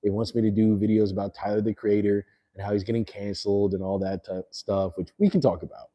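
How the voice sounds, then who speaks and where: Dark husky-voiced man ranting casually. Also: lowish voice, level tone, quick pace. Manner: loose, slangy, talks to the chat. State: a little tipsy. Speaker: livestream host. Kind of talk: casual livestream rant.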